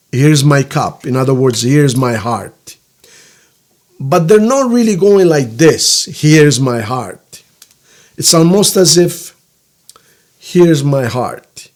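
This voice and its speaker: Slow-talking man giving a tarot reading. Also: fairly high pitch. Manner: acts out quoted feelings in a hushed soft voice; rambling, halting, searches for words. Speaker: tarot reader.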